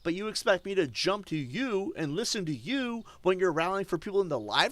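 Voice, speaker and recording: A male streamer ranting defiantly to his chat, swinging between loud outbursts and low muttering. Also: big pitch swings, fairly quick, few pauses, dry recording. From German. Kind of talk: casual stream rant.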